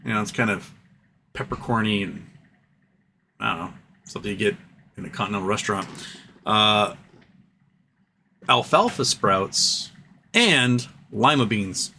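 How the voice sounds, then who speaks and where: Rambling, animated male live-stream host. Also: fairly low pitch, unhurried, gravelly, long pauses, a little hiss or hum. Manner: rambling, animated storyteller with frequent fillers and asides. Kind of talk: casual live-stream storytelling.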